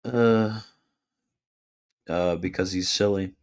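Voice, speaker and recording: A young man hosting a livestream, casually answering chat questions with offhand, deadpan replies and quick jokes. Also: low voice.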